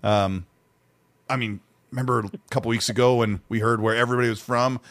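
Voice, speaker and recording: A man co-hosting a casual gaming podcast, reading out chat messages in an animated, easygoing way. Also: medium pitch, fairly quick, no room sound. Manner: animated, reads out chat messages, laughs easily. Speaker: podcast co-host.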